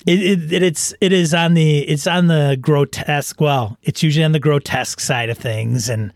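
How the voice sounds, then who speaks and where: Relaxed rambling man, dry close sound. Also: a little high, normal speed, gravelly, dry recording. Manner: rambling, relaxed, restarts often. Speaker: podcast host. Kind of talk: casual chat.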